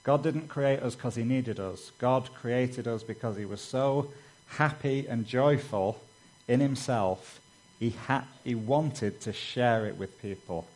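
Male preacher, mid-pitched, chatty sermon delivery with lively storytelling. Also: slow pace, rough recording. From Britain. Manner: conversational, frequent "you know" asides; acts out quoted dialogue with raised voice.

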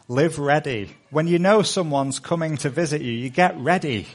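A man's voice: normal speed, hardly any pauses. Earnest man preaching a sermon. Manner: earnest preaching with rising fervent appeals; hushed, low prayer voice. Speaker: pastor.

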